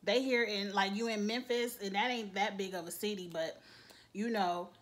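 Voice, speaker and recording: A young woman casually recapping a TV episode, sassy and quick to laugh, acting out the characters' lines. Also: mid-range voice, steady tone. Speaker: TV show reviewer.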